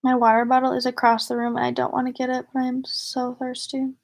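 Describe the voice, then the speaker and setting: A woman's voice: high-pitched, monotone, quick pace, gravelly. A young woman from the northern United States chatting casually to viewers on a livestream, rambling and giggly. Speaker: vlogger.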